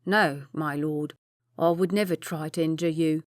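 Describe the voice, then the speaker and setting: A woman's voice: sits low, steady tone, a little slow, dry recording, clean studio sound. A woman voicing a stammering, apologetic male valet. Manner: hesitant, apologetic.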